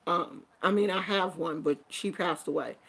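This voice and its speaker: This middle-aged woman vlogger has a gravelly voice with a breathy edge and talks at normal speed. Chatting casually on her livestream, she reads comments aloud in a lively, sassy manner that rises from low murmurs to loud exclamations.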